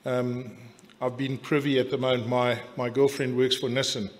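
A man's voice: mid-range voice, little pitch movement, normal speed. South african guy doing a dinner toast, cheeky and blunt, medium voice, big reverby hall. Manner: jokey, blunt, rambling with filler restarts. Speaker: after-dinner speaker giving a toast. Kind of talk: after-dinner toast speech.

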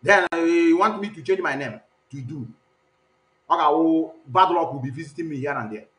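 A man's voice: on the high side, a little fast, fairly bright tone, roomy sound. A man hosting the show, mocking the clips he plays and switching between Igbo and English. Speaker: host. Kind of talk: commentary on played clips.

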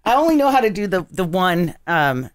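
A woman's voice: lowish voice, sing-song, moderate pace, no echo. A woman co-hosts a casual movie podcast, rambling playfully with a giggle in her voice. Her sound is dry and close, with no room around it. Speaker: podcast co-host. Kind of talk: casual movie-riffing chat.

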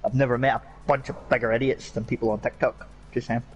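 A man's voice: medium pitch, level tone, fast talker, darkish tone, soft background music, rough recording. A young Northern Irish man chatting casually while gaming, sweary and rambling. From Northern Ireland. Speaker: gaming streamer.

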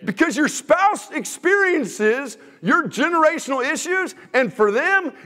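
A man preaching a humorous sermon as a guest preacher in a church sanctuary, teasing the room in an energetic, joking way. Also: very high-pitched, a little slow, few pauses, long reverb tail.

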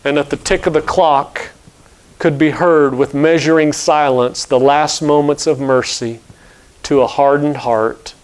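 A man's voice: fairly high pitch, fairly even intonation, measured pace, clear, resonant tone, low-quality recording. A preacher, a man, reading a novel aloud during a sermon in a solemn and dramatic way.

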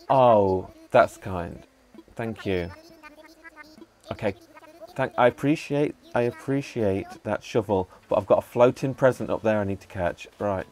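A man's voice: lowish voice, moderate pace. Chatty man playing a game. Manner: chatty, talks to himself and the game characters, excitable bursts. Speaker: gaming channel host. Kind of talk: casual gameplay commentary. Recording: faint background music.

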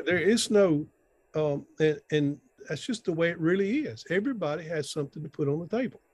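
A man's voice: on the high side, darkish tone, husky, no echo. A middle-aged man giving an informal, sermon-style talk over a video call, folksy and rambling, often restarting his sentences. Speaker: conference speaker.

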